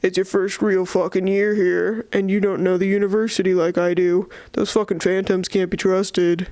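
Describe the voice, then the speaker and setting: A woman's voice: mid-range voice, little pitch movement, moderate pace, dark tone, no room sound, lightly acted. Protective older brother read by a woman, curt and commanding. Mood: bossy.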